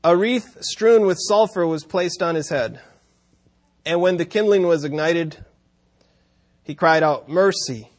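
A man's voice: on the high side, measured pace, long pauses. A man preaching a sermon, telling a historical story with wry asides and occasional chuckles.

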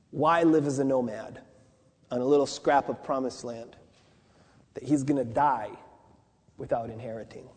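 A man's voice: a little high, a little mellow, slightly rough, long reverb tail. A man preaching a sermon in a conversational way, often asking rhetorical questions.

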